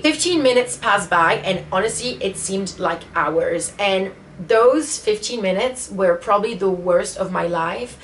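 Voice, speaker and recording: A woman's voice: mid-range voice, lively intonation, unhurried, hardly any pauses, fairly bright tone, slight background noise. Emotional woman telling a vlog story. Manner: emotional retelling, many fillers. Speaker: vlogger.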